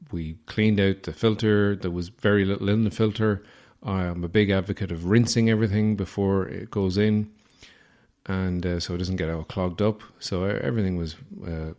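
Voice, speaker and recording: A man's voice: deep voice, a little mellow. An Irish man hosting a podcast, telling a comic story in a rambling, self-deprecating, crude manner. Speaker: podcast host.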